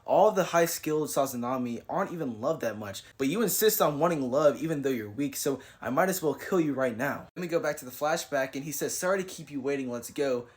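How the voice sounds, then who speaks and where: Male manga reviewer, slightly higher voice, loose casual recap style. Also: lively intonation, fairly quick, hardly any pauses. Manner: casual, slangy retelling with paraphrased quotes.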